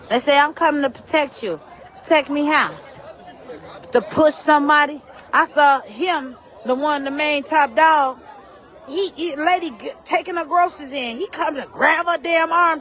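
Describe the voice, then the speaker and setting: A woman, livestreaming from a city street at night, loud, preachy and rambling. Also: high voice. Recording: noisy street with sirens and crowd. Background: crowd and sirens.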